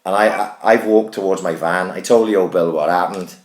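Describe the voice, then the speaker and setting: Speaking fairly quickly, a low-voiced man in his thirties recounts a foul-mouthed, rambling story to his podcast co-host, animated and casual, full of swearing and "right?" The audio has a roomy, echoey quality.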